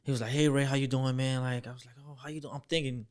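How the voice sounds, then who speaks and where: A young man telling a story as a podcast guest, acting out the voices he quotes, dropping to near-whispers and then jumping up loud. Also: mid-range voice, fairly even intonation, fast. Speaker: podcast guest, former football player. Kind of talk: storytelling in a casual interview.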